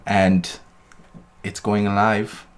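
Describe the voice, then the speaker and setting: A man co-hosting a casual podcast, telling a story in a fast, rambling way with restarts and indignant bursts. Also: fairly low pitch, flat delivery. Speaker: podcast co-host.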